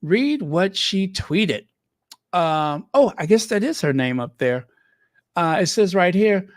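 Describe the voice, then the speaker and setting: Slow, gushing woman host, dry close mic. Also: fairly low pitch, lively intonation, dry recording. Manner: chatty, rambling, full of fillers and restarts; gushing, sentimental reactions. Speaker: royal news channel host. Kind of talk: casual livestream commentary.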